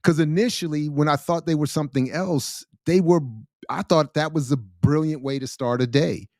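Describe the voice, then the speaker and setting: A man hosting a casual livestream chat, animated and slangy, laughing often. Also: a little high, moderate pace, dry recording, clean studio sound. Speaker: host.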